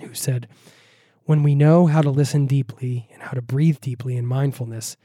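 A man's voice: medium pitch, warm tone, no room sound, studio quality. A man hosting a podcast. He reads listener mail and signs off in an upbeat, encouraging way, with a scratchy voice from being sick. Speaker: podcast host. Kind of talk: reading listener mail and signing off.

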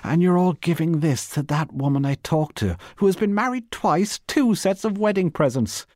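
A man's voice: on the low side, big pitch swings, moderate pace, breathy edge, no echo, clean studio sound, voice pushed up. A man reading aloud voices a proud, talkative middle-aged wife in a raised, chattering, indignant voice. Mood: scornful proud.

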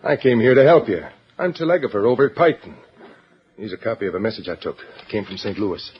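Radio play: male actor as a shifty telegrapher, low voice, persuasive, lo-fi 1940s broadcast. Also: lively intonation, fast talker, a little hiss or hum, lightly acted. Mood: scheming. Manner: wheedling persuasion.

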